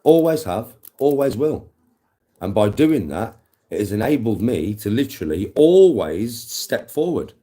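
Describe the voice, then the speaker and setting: A man's voice: lowish voice, big pitch swings, a little slow, warm tone. A man livestreaming to his chat, talking intensely and emphatically with a lot of swearing.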